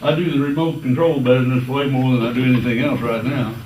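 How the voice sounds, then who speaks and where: A man's voice: medium pitch, steady tone, quick pace, darkish tone. A man in his eighties giving a rambling, folksy public comment at a county board meeting, restarting his sentences as he goes. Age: 80s. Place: meeting room. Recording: echoey room, distant mic, noisy.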